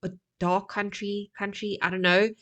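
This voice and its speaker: A woman's voice: medium pitch, flat delivery, normal speed, a bit bright. A woman hosting a music reaction video, chatting casually to her viewers, often laughing and tripping over her words. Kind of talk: casual chat to camera.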